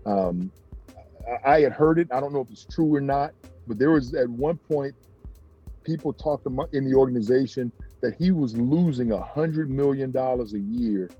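A man, a former pro basketball player, telling stories in a casual interview, animated and jumping up in pitch when he acts out other people. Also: normal speed, slightly rough, lo-fi sound, soft background music.

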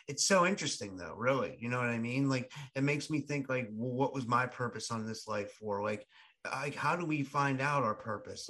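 A male interview host with a bright, forceful tone, thinking out loud in a loose, rambling way. He fills his sentences with "like" and "you know" and speaks at a middle pitch. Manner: musing, heavy use of "like" and "you know". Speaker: podcast host. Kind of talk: casual interview chat.

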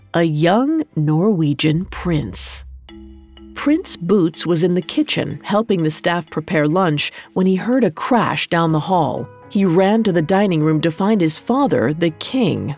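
Woman storyteller, low voice, steady scripted narration over faint music.

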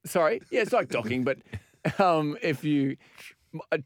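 Lively Australian man telling stories. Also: a little high, unhurried. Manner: animated storyteller, laughs often. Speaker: radio co-host. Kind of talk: casual banter.

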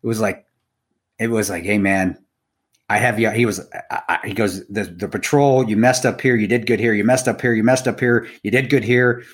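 A middle-aged man co-hosting a podcast, chatting casually and telling animated stories with plenty of swearing, bro and dude. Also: fairly low pitch, normal speed. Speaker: podcast co-host. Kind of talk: casual chat.

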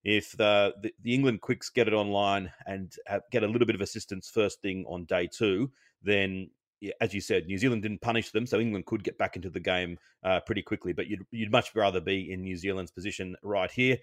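A man's voice: lowish voice, steady tone, brisk, no echo, clean studio sound. A man co-hosting a podcast, giving a chatty cricket analysis broken up by frequent ums and restarts. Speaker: co-host.

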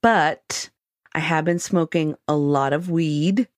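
A woman's voice: low voice, slow, dry recording, clean studio sound. A woman co-hosting a casual podcast from a lakeside cabin, chatting and telling stories with amusement. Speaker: podcast co-host. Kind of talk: casual chat.

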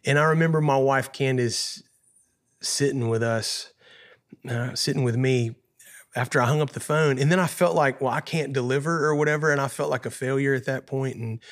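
Earnest man telling a painful story. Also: mid-range voice. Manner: earnest, emotional, repeats phrases and says "man" often. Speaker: guest musician. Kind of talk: heartfelt personal storytelling.

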